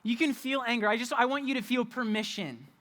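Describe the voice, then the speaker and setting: Young man, youth pastor, very high voice, candid conversational sermon, repeats phrases. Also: a little fast, fairly bright tone. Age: young adult.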